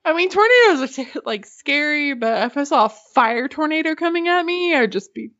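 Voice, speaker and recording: A woman's voice: high-pitched, expressive, moderate pace, a bit bright, highs cut off. A woman hosting a podcast in casual chat, chatty and giggly, swearing casually. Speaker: podcast host.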